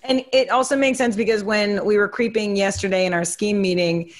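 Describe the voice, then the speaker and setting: A woman's voice: mid-range voice, steady tone, brisk. Blunt slangy woman podcaster. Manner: blunt, slangy, swears casually. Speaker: podcast co-host. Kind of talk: casual chat.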